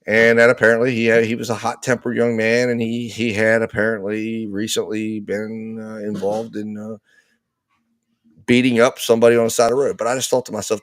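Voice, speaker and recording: A man's voice: fairly low pitch, a little fast, no echo, studio quality. A man hosting a live legal talk show, telling a personal story in a casual way and acting out the quotes. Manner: animated storyteller, acts out quotes loudly.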